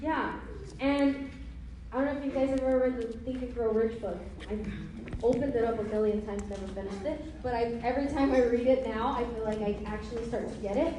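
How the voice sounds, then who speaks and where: A high-voiced woman coaches a roomful of people in a motivational business seminar, speaking fairly quickly with fairly even intonation and a mellow quality. She's playful, laughs frequently, and dramatizes conversations. The room is very echoey, the mic distant, with faint hiss.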